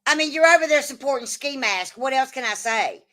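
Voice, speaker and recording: A woman's voice: sits high, lively intonation, a little fast, a bit bright. A woman hosting a casual livestream, swearing often and arguing back at her chat. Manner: profane, combative, answers chat. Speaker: livestream host.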